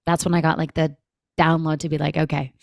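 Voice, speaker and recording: Woman in her 30s, deep for a woman, lively storyteller, dry close mic, podcast guest. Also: fairly quick, creaky, no room sound. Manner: animated, acts out quoted dialogue, frequent "like". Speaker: guest, breathwork company founder. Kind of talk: conversational storytelling.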